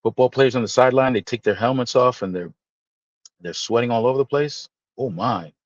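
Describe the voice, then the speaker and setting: A man hosts a relaxed live stream and talks straight to his viewers. He teases them with playful, animated asides. His mid-pitched voice comes through a slightly muffled, dry microphone. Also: a little fast, dry recording. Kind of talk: casual chat reading viewer comments.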